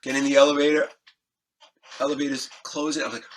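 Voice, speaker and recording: A man being interviewed as a musician, telling an animated, excitable anecdote, acting out scenes and swearing freely. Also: medium pitch, fast. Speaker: guest musician.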